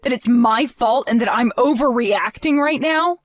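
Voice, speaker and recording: A woman's voice: a little high, normal speed, no echo, soft background music, lightly acted. A woman playing a grieving, indignant young wife in a voiced text-message drama, emotional and accusing.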